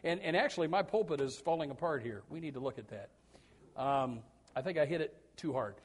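A pastor with an expressive voice on the high side preaches a little fast. He keeps things folksy and funny, lowering to quiet asides, then shouting, and he frequently repeats words as he launches into a thought.

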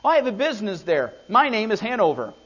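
Preacher reading easygoing fifty-ish businessman, friendly; high voice, muffled audio. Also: sing-song, quick pace, a bit bright, breathy edge, full character voice. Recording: dull lo-fi recording.

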